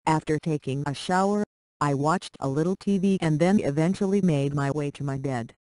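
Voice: medium pitch, moderate pace, darkish tone, no echo, low-quality recording. Dry synthetic story narrator. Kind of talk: reading a short story aloud.

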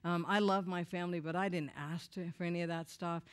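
A woman's voice: lowish voice, fairly even intonation, fairly quick, smooth. A woman giving a personal testimony to a church audience, candid and emotional with wry humor.

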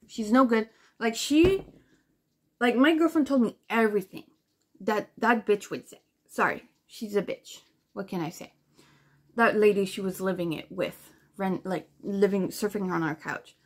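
A woman vlogging to camera, telling a story in a rambling, profane way, full of "like" fillers and animated indignation. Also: mid-range voice, measured pace. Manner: animated and indignant while retelling.

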